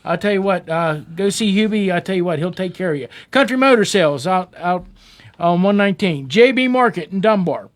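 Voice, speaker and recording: High-voiced, fiery man. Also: expressive, a little fast. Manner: fiery, rallying and folksy, full of slang. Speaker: radio show host and local official. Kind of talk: folksy talk radio and campaign speech.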